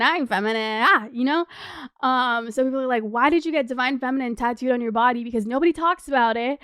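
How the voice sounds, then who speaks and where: Bubbly chatty young woman, high voice. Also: clear, resonant tone, dry recording, studio quality. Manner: excitable and chatty, swears freely. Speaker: vlogger. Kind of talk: casual chat to camera.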